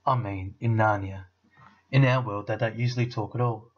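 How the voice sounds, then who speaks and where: A man, a teacher, reading a children's novel aloud with expressive storytelling. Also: lowish voice, normal speed, lo-fi sound.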